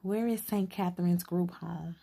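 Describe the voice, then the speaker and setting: A woman reading the part of a calm, intense young man who questions a girl in steady, even tones. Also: on the low side, measured pace, gravelly. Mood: questioning.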